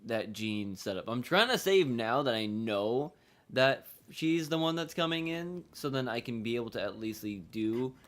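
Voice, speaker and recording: A man at middle pitch talks through his game session in a loose, rambling way. He circles back on his words and repeats himself. Casual swearing slips into his commentary. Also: lively intonation, moderate pace, a bit bright. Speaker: gaming streamer.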